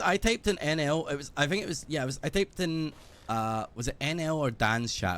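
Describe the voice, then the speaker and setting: A British man streaming a game, chatting casually in a rambling, sweary, animated way. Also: mid-range voice. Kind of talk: casual gaming stream chat.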